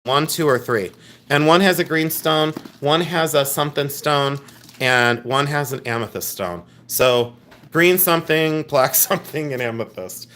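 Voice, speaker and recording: A man's voice: a little high, unhurried, sharp tone, slight background noise. A man hosting a live jewelry sale stream, talking in a chatty, rambling, jokey way and showing affection toward his viewers. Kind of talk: casual live sales stream.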